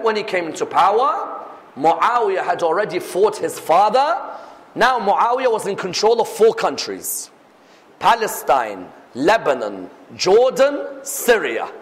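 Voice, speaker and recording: A man's voice: high voice, a bit bright. A man giving a religious lecture, pressing his points with rhetorical questions and emphatic repetition. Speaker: preacher. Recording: echoey hall recording.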